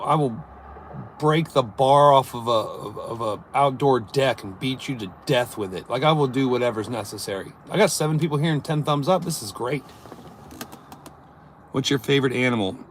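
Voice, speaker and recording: A man's medium-pitched voice comes through with a faint hiss or hum. He's a service plumber doing a casual live stream from his work van, joking loosely as he goes through viewer comments.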